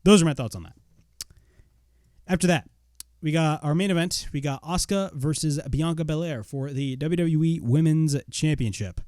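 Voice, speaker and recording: A young man giving a casual spoken wrestling review, blunt and excitable, swearing freely. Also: a little high, normal speed, no echo, clean studio sound.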